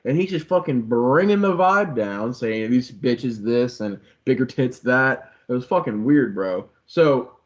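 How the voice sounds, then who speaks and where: A young man co-hosting a podcast, rambling and swearing as he retells a reality show episode and acts out the quotes. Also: fairly high pitch. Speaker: podcast co-host. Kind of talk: casual chat recapping a reality show. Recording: slightly dull lo-fi podcast audio.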